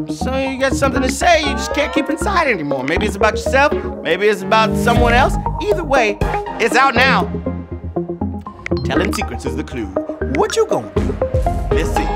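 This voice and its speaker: A high, lively male game show host who swoops all over his range as he teases players and tosses off rhymes. His voice is playful and sing-song, with a clear music bed running underneath. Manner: calls players "babies". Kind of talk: live trivia game show hosting.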